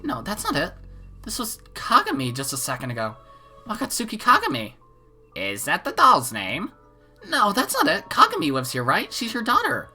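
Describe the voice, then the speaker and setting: A woman voicing a distraught teenage girl who pleads in a high, strained voice while reading visual novel dialogue. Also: huge pitch swings, moderate pace, bright, forceful tone, soft background music, full character voice. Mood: desperate.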